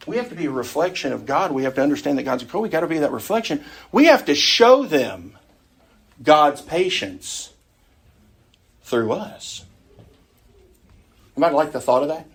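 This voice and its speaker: A man's voice: fairly high pitch, very animated, unhurried, creaky, long pauses, breathy edge. A middle-aged man teaching an adult Sunday school class in a conversational way, often putting questions to the group.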